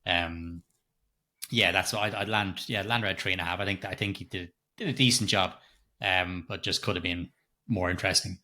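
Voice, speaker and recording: A man co-hosting a casual film review podcast, his voice bright and sharp. He talks loosely and turns animated, leaping up in pitch when something baffles him. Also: normal speed. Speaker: podcast co-host.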